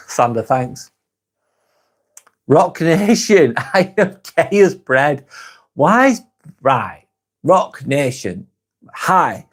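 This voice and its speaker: A man with a Lancashire accent, hosting a casual live stream, reading out viewer comments and answering them frankly, swearing often. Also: medium pitch. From England. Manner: frank, swears freely, muses aloud.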